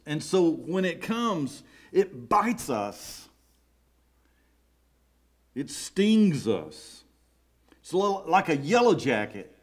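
A middle-aged man with a Southern US accent, preaching a sermon in a church sanctuary with emotional, emphatic swells. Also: on the high side. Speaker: pastor.

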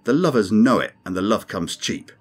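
A man's voice: on the low side, very animated, moderate pace, breathy edge, faint music behind. A man voicing a grim, sardonic male alien crewman who speaks dryly and insistently. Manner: dry, insistent, ominous.

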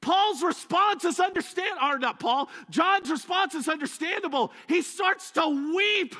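A man's voice: very high voice, a little slow, few pauses, pushed and bright. A man preaching a sermon as a guest speaker, telling the story dramatically with joking asides. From USA. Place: church sanctuary. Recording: echoey church hall.

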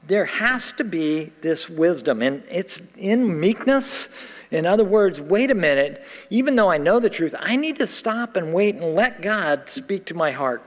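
In a large church sanctuary, a middle-aged pastor preaches a sermon, telling a story with great animation and acting out the dialogue. His voice is high and a little slow, and the recording carries a long hall reverb.

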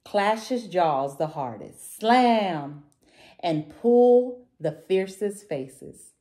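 Slow, expressive woman reading to children. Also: mid-range voice. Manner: warm, expressive and sing-song. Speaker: children's story reader. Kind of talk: read-aloud storytelling for kids.

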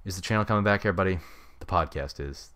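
Young male solo podcaster, deep, fast, casual rambler, dead-dry home mic. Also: fairly bright tone, no room sound. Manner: rambling, laid-back slang. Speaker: podcast host. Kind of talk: unscripted solo podcast chat. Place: home room. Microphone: studio mic with pop filter.

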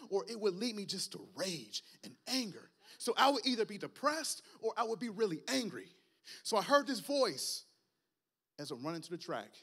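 A man, preaching a sermon and telling his own story in an animated way. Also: sits high. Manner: animated, storytelling, rising to shouts at climaxes. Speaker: guest preacher. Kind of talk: sermon with personal testimony.

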